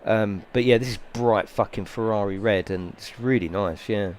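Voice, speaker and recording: A man's voice: fairly low pitch, moderate pace, darkish tone. A middle-aged British man chatting casually on a sim racing stream, a rambling, sweary storyteller who grows heated. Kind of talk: casual live-stream chat.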